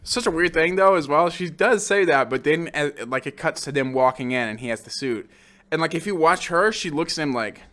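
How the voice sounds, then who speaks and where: A man co-hosting a casual film podcast who swears freely and acts out lines from the movie. His voice is bright and crisp. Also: fairly high pitch, a little fast. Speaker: podcast co-host. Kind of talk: casual film review chat.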